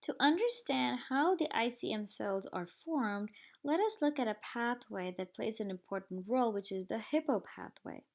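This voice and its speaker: A woman giving a recorded slide lecture in a measured, explanatory way. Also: a little high, animated, gravelly, a little hiss or hum.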